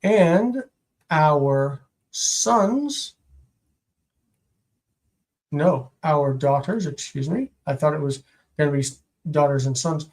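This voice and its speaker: A teacher works through a live-streamed homework review, reading each Hebrew phrase and then translating it piece by piece. The pace is unhurried and deliberate, with long pauses between fragments. The voice sits at a middle pitch, and small slips get corrected as the lesson goes on. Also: lively intonation, darkish tone, rough recording.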